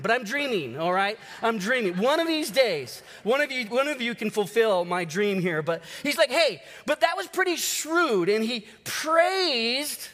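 A male pastor preaching a sermon, telling a parable with animated storytelling and acting out the characters. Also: very high-pitched. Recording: long hall reverb.

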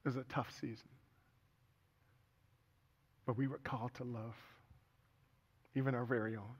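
A man's voice: mid-range voice, flat delivery, moderate pace, long pauses, breathy edge. A middle-aged man preaching a sermon as pastor, telling stories with humor and earnest turns. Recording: echoey hall, dull sound.

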